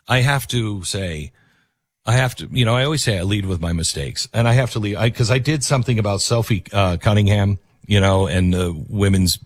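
A man's voice: lowish voice, no echo. A man hosting talk radio, delivering a rambling, sarcastic monologue with frequent asides.

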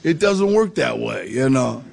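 Gravelly husky man telling his story. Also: mid-range voice, big pitch swings, a little slow, darkish tone. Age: 40s or older. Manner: street-casual, gritty storytelling. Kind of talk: storytelling testimony.

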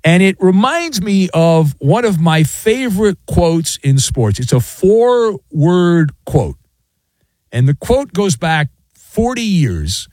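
A man's voice: a little high, darkish tone, no room sound. A man giving jokey, theatrical solo sports commentary. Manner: theatrical, jokey, mock sound effects.

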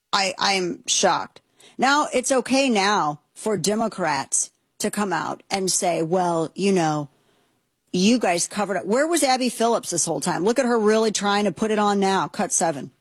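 A woman's voice: mid-range voice, measured pace, husky, dry recording. Indignant woman hosting political commentary. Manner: indignant, sarcastic, animated mockery. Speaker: host.

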